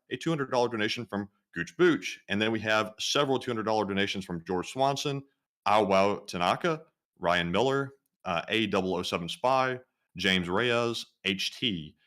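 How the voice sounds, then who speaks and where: Lower-voiced male co-host reading donor names. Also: fairly bright tone. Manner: reads long lists of names briskly. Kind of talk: casual livestream co-hosting.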